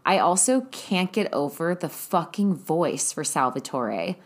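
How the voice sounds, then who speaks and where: A young woman with a notably low-pitched voice delivers a casual, profanity-laced recap of a TV episode. Her tone is blunt and exasperated, like someone venting straight to her viewers. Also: expressive, unhurried. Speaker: recap host.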